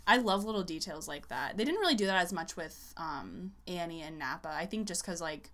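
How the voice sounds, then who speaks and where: A woman's voice: on the low side, animated, brisk, fairly bright tone. A young woman in casual chat, enthusiastic and talkative, laughing often as she talks about a movie.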